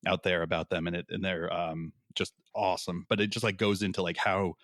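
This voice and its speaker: A man's voice: sits low, level tone, fairly bright tone, no echo, clean studio sound. A man chatting casually at a tabletop game, trailing off and restarting as he talks. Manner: rambling, halting. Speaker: player. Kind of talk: casual chat at a gaming table.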